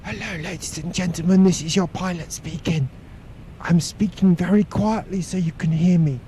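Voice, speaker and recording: A man putting on the voice of a quietly spoken male airline pilot making a polite cabin announcement. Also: high voice, normal speed, a little hiss or hum, pitched above the performer's own voice, lightly acted. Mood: hushed polite.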